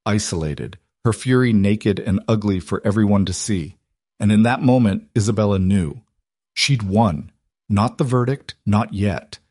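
Brief: male audiobook narrator, steady dramatic storytelling, low pitch, dry booth sound. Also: no room sound.

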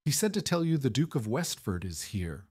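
A man voicing a nervous middle-aged female housekeeper who speaks in a halting, hesitant way. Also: mid-range voice, big pitch swings, darkish tone, slightly rough, voice pushed up. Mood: anxious.

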